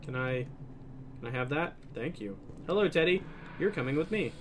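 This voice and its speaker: A young man doing let's play commentary on a horror game, excitable, swearing often and breaking into laughter. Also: a little high, moderate pace, background noise. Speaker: gaming video host.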